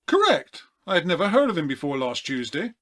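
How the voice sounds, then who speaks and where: A man voicing an eccentric, excitable collector in a comedy audio play, with a polite, formal manner. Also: on the high side, fairly quick. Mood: prim.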